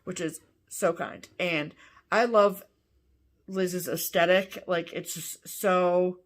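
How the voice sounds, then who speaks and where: A woman co-hosting a cross-stitch show, chatting casually and gushing with excitement over what she shows. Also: fairly low pitch, slow. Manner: gushing, enthusiastic. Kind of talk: casual show-and-tell chat.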